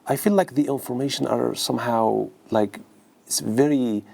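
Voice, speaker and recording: A man hosting a podcast, speaking in a casual, hesitant way with many pauses and restarts. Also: medium pitch, gravelly, darkish tone. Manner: hesitant, full of fillers and restarts. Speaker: podcast host. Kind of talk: casual conversation.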